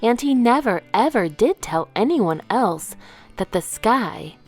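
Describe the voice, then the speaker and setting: Woman storyteller for kids: slow, expressive read-aloud. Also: fairly high pitch, soft background music. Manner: gentle, expressive reading with slow pacing. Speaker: children's storyteller.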